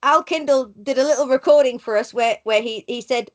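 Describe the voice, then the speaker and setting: Woman, slightly high-pitched, chatty, mischievous, casual podcast banter. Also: brisk. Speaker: podcast co-host.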